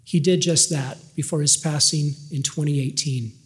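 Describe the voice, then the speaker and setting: An older man giving a scripted devotional talk, measured and gently humorous, ending with a religious close. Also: on the high side, fairly even intonation. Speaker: devotional speaker.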